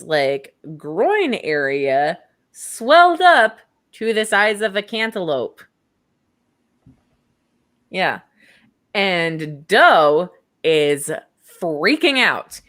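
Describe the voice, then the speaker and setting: Young female podcast co-host, lowish voice, slow unhurried delivery, casual storyteller who acts out the quotes. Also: a bit bright. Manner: storytelling with acted-out quotes and laughter. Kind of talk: casual true crime chat.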